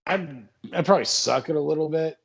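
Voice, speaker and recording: A man's voice: fairly high pitch, a little fast, gravelly, slightly rough. A young man hosting a comedy podcast, joking crudely and laughing often. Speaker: podcast host. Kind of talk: casual comedy podcast chat.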